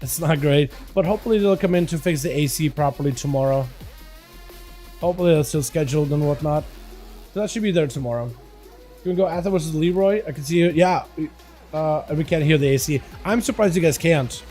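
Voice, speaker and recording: A young man whose first language is Russian hosts a livestream, giving casual, excitable commentary on game duels and joking with his chat. His voice, a little high and fairly quick, is hoarse and rough tonight, with faint music behind him.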